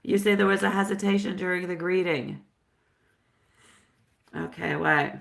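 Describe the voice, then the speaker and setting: A woman's voice: on the low side, fairly even intonation, unhurried, creaky, background noise. A woman doing a live-stream tarot reading, chatty and affectionate, dropping Italian phrases as she answers viewers. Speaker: tarot reader.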